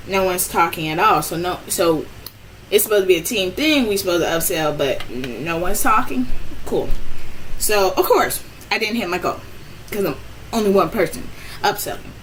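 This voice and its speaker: A woman telling a personal story in a casual storytime vlog, animated and rambling with many restarts, her voice jumping up when she relives the frustration. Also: mid-range voice, measured pace, long pauses, slight background noise, rough recording. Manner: rambling with frequent restarts and "I'm like".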